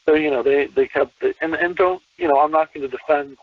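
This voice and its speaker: A man, a podcast guest, talking in an animated casual way with many restarts and repeated words. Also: fairly high pitch, a little fast, no room sound, far from the mic. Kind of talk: casual conversation. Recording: tinny phone-line call.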